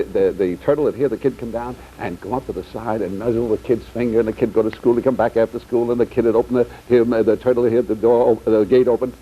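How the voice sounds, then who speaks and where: A man's voice: mid-range voice, slightly rough. A man telling a long joke on a 1960s comedy panel show, rambling with restarts. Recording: dull, slightly noisy 1960s TV sound.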